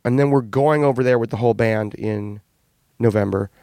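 Man, mid pitch, dry close sound, candid storytelling, band frontman, casual interview. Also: fairly quick, creaky, dry recording. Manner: candid, animated anecdotes with swearing and laughs.

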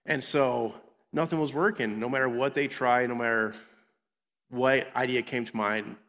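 A man's voice: medium pitch, fairly even intonation, moderate pace, fairly bright tone. A man giving a playful Bible lesson to children, acting out the characters in little voices. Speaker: children's minister. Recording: long hall reverb.

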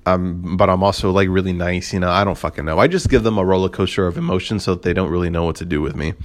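Low-voiced man rambling through a story. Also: fast talker. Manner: rambling, profane, filler-heavy; sarcastic. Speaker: podcast host. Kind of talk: casual storytelling monologue.

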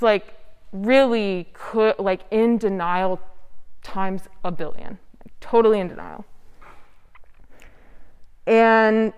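Young woman telling her recovery story, rambly, lots of "like", smooth voice, echoey hall. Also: mid-range voice, measured pace, long pauses. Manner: candid, rambling, heavy use of "like". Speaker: speaker sharing recovery story. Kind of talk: personal testimony at a recovery meeting. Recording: smooth voice with long hall reverb.

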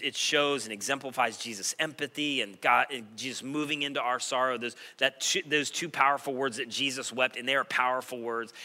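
A male pastor preaching a sermon, moving between quiet reflective passages and loud, impassioned stretches. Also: mid-range voice.

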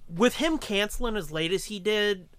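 A man co-hosting a podcast, telling a casual, profane story in an animated way. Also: sits high, normal speed, clear, resonant tone. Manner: animated, profane storyteller doing voices in quotes. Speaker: podcast co-host. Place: podcast studio. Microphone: studio mic up close.

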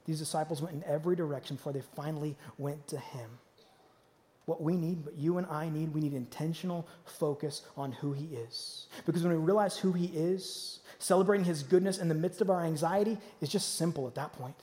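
A male pastor preaching a sermon, swinging from loud, pressing lines to hushed, quiet ones. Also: fairly high pitch, brisk, slight background noise. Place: church auditorium. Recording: long reverb of a large hall.

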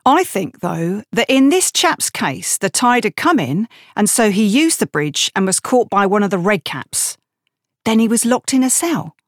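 A woman's voice: medium pitch, sing-song, measured pace, no room sound, clean studio sound. A woman voicing an indignant, talkative male soldier in an audiobook.

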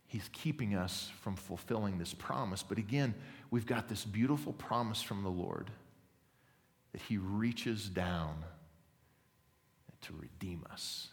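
A man's voice: on the low side, a little slow. A man preaching a sermon as pastor, earnest and building emphasis as he tells a story. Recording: reverberant hall.

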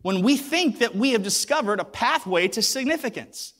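High, lively-voiced man preaching. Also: moderate pace. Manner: animated storytelling with acted voices; emphatic, repeats words for weight. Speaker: pastor. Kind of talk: sermon.

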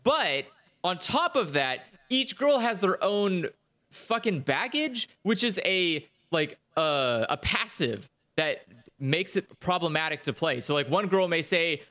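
A man's voice: sits high, moderate pace. Ranting, foul-mouthed young-sounding man. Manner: animated ranting, heavy swearing. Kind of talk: casual chat about video games.

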